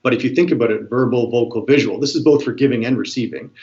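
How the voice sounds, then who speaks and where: A man speaks quickly and eagerly as the expert guest, breaking down how words, voice and looks carry a message. He tries out different ways of saying a greeting to make his point. The sound is slightly dull and lo-fi. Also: mid-range voice. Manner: fast, animated, demonstrates tones of voice. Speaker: body language expert guest. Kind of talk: explanatory interview talk.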